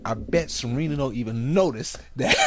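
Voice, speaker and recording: A young man co-hosting a casual chat show, telling lively stories and often saying "you know what I'm saying.". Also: medium pitch, moderate pace, a loud crowd. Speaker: co-host.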